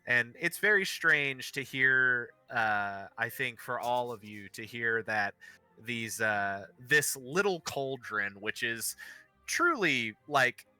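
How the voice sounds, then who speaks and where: A man runs a tabletop game as its narrator. He talks slowly and haltingly, with a bright, crisp tone, and soft music plays behind him. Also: medium pitch, expressive, dry recording. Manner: rambling, halting narration with many fillers. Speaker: game master.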